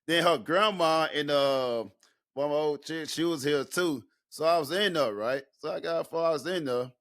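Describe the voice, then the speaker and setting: A man's voice: a little high, moderate pace, a bit bright. Laid-back rambling man from Mississippi. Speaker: podcast co-host. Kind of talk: casual chat.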